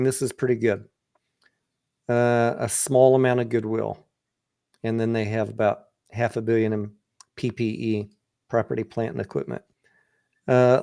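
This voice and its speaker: A man's voice: medium pitch, a little mellow, smooth. Blunt, casual male stock-chat host. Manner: blunt, profane, conversational. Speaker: livestream host and stock trader. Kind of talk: casual livestream analysis.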